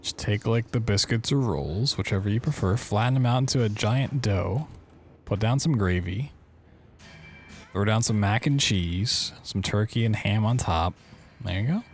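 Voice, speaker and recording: A man's voice: on the low side, moderate pace, long pauses, soft background music. A young man streaming a game, chatting casually and joking with viewers in a mock-dramatic way. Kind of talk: casual livestream chat while gaming.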